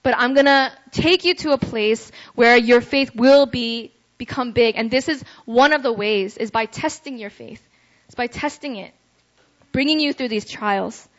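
A young adult woman preaching a casual sermon, chatty and conversational, often checking in with her listeners with a quick "right?". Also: a little high. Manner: chatty, ends phrases with "right?". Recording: dull lo-fi recording.

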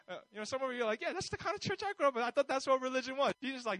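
High-voiced pastor preaching conversationally. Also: male voice, expressive, very fast, hardly any pauses, bright, forceful tone, no room sound, low-quality recording. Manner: conversational, many fillers, acts out quoted voices. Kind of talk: sermon.

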